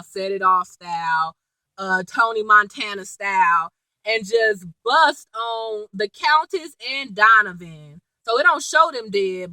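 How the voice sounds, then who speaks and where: A woman casually recapping a TV episode in a chatty, animated way, laughing and full of slang and asides. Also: medium pitch, no room sound, rough recording. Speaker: TV episode reviewer.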